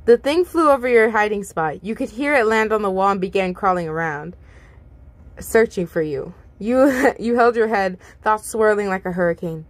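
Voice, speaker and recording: A woman reads a fan fiction story aloud in a casual, expressive way. She giggles often and breaks off to chat with her listeners between scenes. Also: medium pitch, moderate pace, no room sound. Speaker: story reader.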